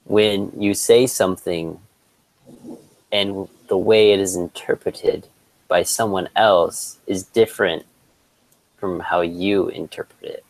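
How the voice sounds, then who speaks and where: A man in casual chat, laid-back, chuckling often and telling jokes with a slow build-up. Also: low-pitched, steady tone, low-quality recording.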